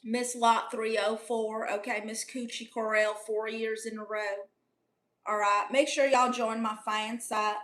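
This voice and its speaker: Brash sassy woman riffing on a live stream, bright forceful voice, a bit high. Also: little pitch movement, measured pace. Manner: brash, sassy, playfully boastful. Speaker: livestream comedian reading chat. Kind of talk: comedic in-character livestream chat.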